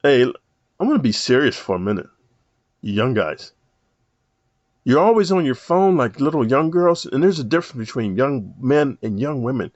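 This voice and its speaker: A man giving a rambling, profane monologue to camera, rough street talk full of "man". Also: medium pitch, sing-song, normal speed, a little mellow, dry recording. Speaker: self-help vlogger. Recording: dull lo-fi dry sound.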